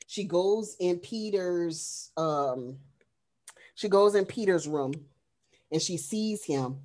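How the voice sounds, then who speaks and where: A woman co-hosts a movie review podcast in easy, casual chat. She retells a film's plot with lively energy and plenty of profanity. Her talk is loose and rambling, packed with "um" and "like.". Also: fairly low pitch. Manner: frequent fillers like "um" and "like".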